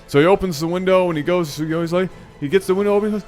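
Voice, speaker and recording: A man hosting his channel, telling a funny personal story in an animated, playful way, often correcting himself mid-sentence. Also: high-pitched, very fast, faint music behind. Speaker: channel host. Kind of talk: storytelling vlog.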